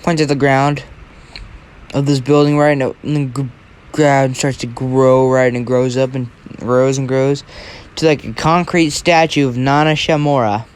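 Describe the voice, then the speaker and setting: Brief: a casual male storyteller, rambling and unscripted, average pitch. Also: little pitch movement, a little slow, clear, resonant tone. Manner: rambling, filler-heavy, restarts lines.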